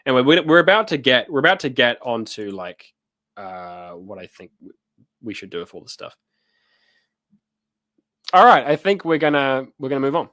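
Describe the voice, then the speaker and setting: A man's voice: mid-range voice, sing-song, moderate pace, long pauses, a bit bright. A man from New hosts a casual livestream. He chats loosely and jokes as he reads out viewer comments, with lots of fillers and restarts. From New Zealand. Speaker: host.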